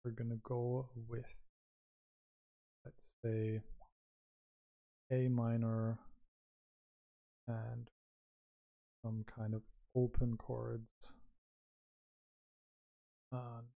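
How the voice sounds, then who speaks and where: Slow, mellow man musing aloud. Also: medium pitch, monotone, gravelly. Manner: unhurried, thinking aloud. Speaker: music live-streamer. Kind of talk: casual live-stream chat while making music. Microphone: new microphone with noise reduction and compression.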